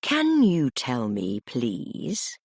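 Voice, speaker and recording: A stern male headmaster, played by a woman reading aloud, speaking slowly and quietly through barely held anger. The voice is low and husky, with sudden lifts in its pitch. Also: sing-song, no echo, clean studio sound, heavily acted. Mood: restrained fury. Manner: slow, quiet, barely restrained fury.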